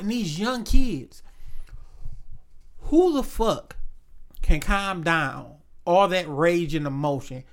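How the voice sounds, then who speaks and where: A man's voice: high voice, lively intonation, takes it slowly, pauses often. A man, chatting casually and telling stories bluntly and emphatically, with quoted voices. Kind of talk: casual chat.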